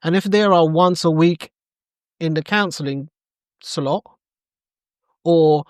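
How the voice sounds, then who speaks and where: A man's voice: a little high, slow, smooth, no room sound, clean studio sound. A middle-aged man, a coach telling stories as a podcast guest and acting out the dialogue in them. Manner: animated storyteller acting out quoted dialogue. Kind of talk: conversational interview storytelling.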